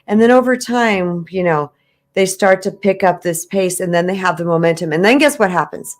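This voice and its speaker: A middle-aged woman co-hosting a podcast, telling a story in an emotional, animated way. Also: fairly low pitch, normal speed. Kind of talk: casual podcast chat.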